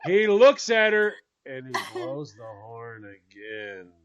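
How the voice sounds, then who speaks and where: A man's voice: mid-range voice, very animated, slow pace. A man telling a funny story with drama, acting out the voices and laughing often. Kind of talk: animated storytelling. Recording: dull lo-fi sound.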